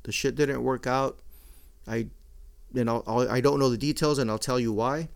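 A middle-aged man, his voice gravelly with fry. He talks in a casual, blunt monologue full of swearing and Spanish slang. His pitch sits in an ordinary middle range. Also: steady tone, moderate pace. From Mexican-American. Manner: profane, blunt, mixing Spanish slang into English.

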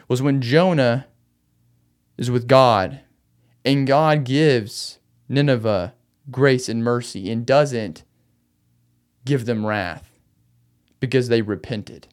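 A man's voice: medium pitch, slow pace, pauses often. A man hosting a podcast, retelling a Bible story in a loose, chatty way with slangy asides. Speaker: podcast host.

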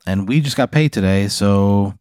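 A man's voice: on the low side, normal speed, a little mellow, smooth, dry recording, studio quality, lightly acted. A man voicing a bored, offhand woman working as an emergency dispatcher. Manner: offhand, unbothered.

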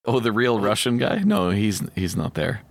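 A man's voice: lowish voice, moderate pace, very noisy. A man co-hosting a casual prank-call podcast, joking and rambling. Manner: joking, rambling, puts on silly voices. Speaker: podcast co-host.

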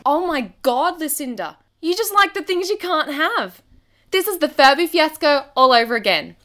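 A woman's voice: high voice, expressive, normal speed, sharp tone. A woman playing a bubbly young radio host with chirpy on-air patter in a comedy audio drama, exasperated by her sister. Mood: indignant.

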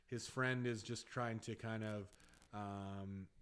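A man co-hosting a podcast, recapping a comic in a relaxed chat with many restarts. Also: fairly low pitch, slow, smooth. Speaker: podcast co-host. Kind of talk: casual book-club chat.

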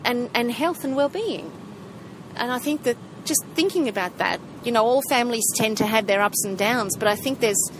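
A woman's voice: medium pitch, background noise. A woman from South Africa with a South African English accent, chatting casually and thinking things through at length. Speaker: group discussion participant. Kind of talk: casual chat.

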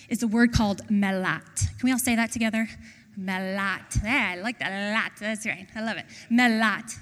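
Woman preaching with lively acted-out dialogue. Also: fairly high pitch, in a large hall. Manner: animated storytelling, acting out quoted voices. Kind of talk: sermon. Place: church.

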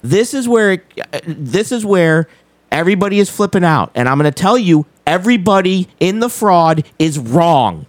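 A man's voice: high voice, very animated, moderate pace, no room sound. A man hosting a live show, commenting on a clip, repeating key points with emphasis. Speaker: host commenting on a played clip.

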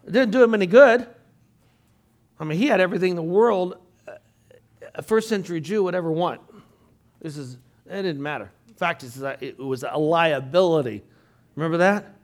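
Older man teaching the Bible, lively. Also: on the high side, normal speed, long pauses. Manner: animated, with frequent throat clearing and asides to the class.

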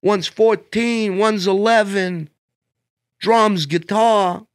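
A brash older male comic who issues clipped commands with a perfectly straight face, done by a man. His voice jumps well above the speaker's own and comes across loud and pushy. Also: high-pitched, extremely slow, smooth, no echo, studio quality, pitched above the performer's own voice. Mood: insistent.

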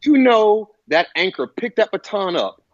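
A man telling a personal story in a halting way, with many fillers and restarts, on a muffled lo-fi recording. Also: high-pitched, sing-song, dry recording. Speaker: guest. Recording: muffled lo-fi audio.

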